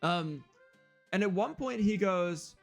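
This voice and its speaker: A man's voice: sits high, lively intonation, slow pace, vocal fry, soft background music. A man streamer chatting casually and rambling through a story with frequent chuckles.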